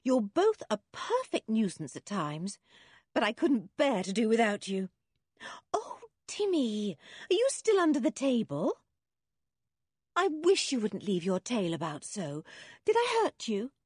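A woman voicing a kindly middle-aged mother in a storybook reading, affectionate and gently scolding. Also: on the high side, wildly swooping pitch, a little slow, breathy edge, no room sound, clean studio sound, voice pushed up, heavily acted. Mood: fond teasing.

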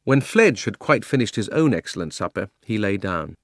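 A man narrating a children's audiobook with measured storytelling. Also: fairly low pitch, big pitch swings, dry recording, studio quality. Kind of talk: scripted narration.

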